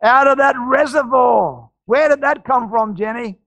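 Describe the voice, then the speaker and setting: A man preaching a sermon as pastor, telling stories with frequent restarts and shouted climaxes. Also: extremely high pitch, measured pace, no room sound, muffled recording. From Australia.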